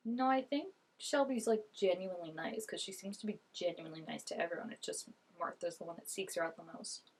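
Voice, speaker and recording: This vlogger reacts casually to a TV episode, chatting, giggling, and talking back to the characters on screen. Her voice is lowish and fairly quick, with a breathy edge.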